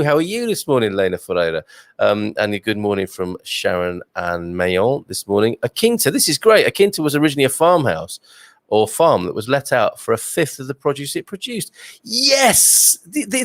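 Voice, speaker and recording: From his home with a wood stove, a man hosts a casual livestream and reads viewer comments aloud, chatty and jokey with lots of ums and uhs. His voice is medium-pitched, and the sound is clean studio quality with no room sound.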